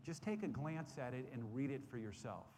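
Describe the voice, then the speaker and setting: A man's voice: mid-range voice, animated, a little fast, darkish tone. A man teaching a Bible study class, earnest and repetitive, often restarting his sentences with fillers. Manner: earnest, repeats phrases, many fillers and restarts. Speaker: Sunday school teacher. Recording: roomy hall with faint background noise.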